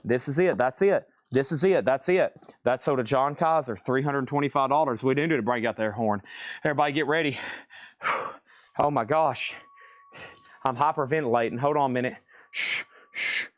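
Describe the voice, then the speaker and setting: Excitable man calling out record prices. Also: medium pitch, no room sound. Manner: excitable, calls out titles and prices in quick bursts; frequent exclamations of surprise. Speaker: record seller running a live auction. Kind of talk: live online sales stream.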